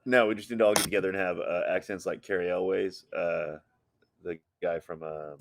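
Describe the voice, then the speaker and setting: A man co-hosting a podcast, chatting in quick bursts that trail off into fillers. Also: low-pitched, steady tone, vocal fry, noisy background. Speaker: podcast co-host. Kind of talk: casual chat.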